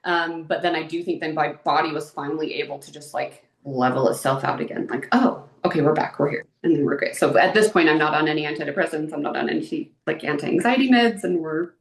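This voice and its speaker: A woman in her thirties with a low voice, speaking as an interview guest. She talks openly and emotionally, with lots of "like"s. The room around her is echoey. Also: a little fast, creaky, hardly any pauses. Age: 30s. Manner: open and emotional, chatty with many "like"s. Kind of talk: candid personal interview.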